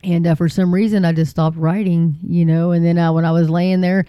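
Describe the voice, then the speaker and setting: A woman's voice: fairly low pitch, flat delivery, fairly quick, mellow, smooth, no room sound. A woman from the United States hosting an online talk show, chatting to viewers in an emphatic, filler-heavy way that rises into pleading. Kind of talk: casual commentary to viewers.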